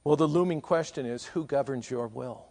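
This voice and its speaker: A man preaching a sermon, asking rhetorical questions and building to slow, emphatic repetitions. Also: mid-range voice, creaky, a little mellow. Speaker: pastor.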